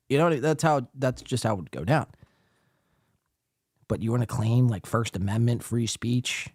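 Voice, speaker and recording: A man's voice: medium pitch, normal speed, long pauses, no room sound, studio quality. A man hosting a live podcast, ranting profanely and sarcastically at other show hosts. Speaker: podcast host.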